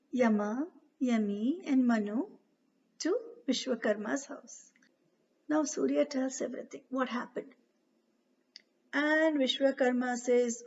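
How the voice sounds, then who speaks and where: A woman narrating a myth as a storyteller, unhurried and with frequent hesitations. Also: high-pitched, vocal fry, a little mellow. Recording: dull, distant recording.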